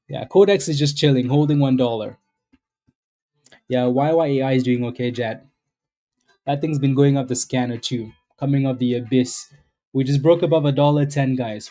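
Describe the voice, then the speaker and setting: A man's voice: mid-range voice, warm tone. A man hosting a live stock trading stream, chatting casually in a rambling way and often tagging "right?". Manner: rambling, keeps asking "right?", repeats himself. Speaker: stock trading livestream host. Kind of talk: casual live market commentary.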